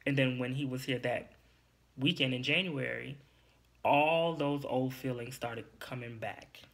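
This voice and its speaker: A man's voice: mid-range voice, measured pace, creaky, fairly bright tone. Young guy spilling a personal story on his podcast, emotional, kinda teary, real candid. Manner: emotional, confiding, a little teary. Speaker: podcast host.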